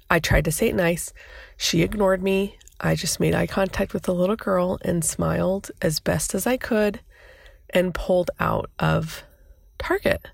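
A woman's voice: lowish voice, measured pace, creaky, breathy edge, no echo, clean studio sound. A woman in her thirties hosting a podcast, telling a personal story in an emotional, flustered, rambling way. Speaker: podcast host.

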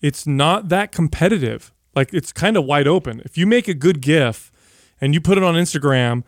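A man co-hosts a podcast and talks through his opinions, explaining them with examples in an easy, casual way. His voice sits a little high, and the studio sound is close and dry. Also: animated, moderate pace, no room sound. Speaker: podcast co-host. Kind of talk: casual chat.

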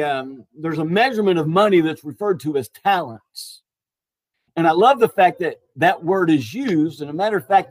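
High-voiced man preaching casually. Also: dry recording. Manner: conversational, with restarts and fillers. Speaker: pastor. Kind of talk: casual sermon storytelling.

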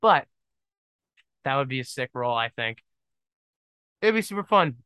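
A young man hosting his own podcast, thinking out loud in a rambling, self-deprecating and joking way. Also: mid-range voice, very animated, normal speed, clean tone, dry recording. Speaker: podcast host. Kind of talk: casual solo podcast monologue.

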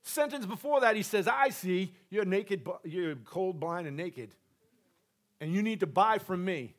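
A man preaching a charismatic sermon to a congregation in a church, passionate, swinging between loud exhortation and soft asides. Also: sits high, animated, a little slow. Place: church sanctuary.

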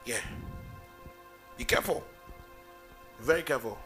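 Male pastor, emphatic sing-song sermon delivery, bright tone. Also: medium pitch, expressive, a little slow, faint music behind. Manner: emphatic preaching, sing-song calls for amen.

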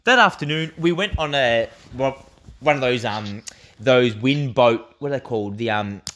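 A young Australian man telling a story on a podcast in relaxed, casual chat. He rambles, leaning on fillers and swearing freely as he goes. His voice sits at an ordinary middle pitch for a man. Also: moderate pace. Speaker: podcast co-host.

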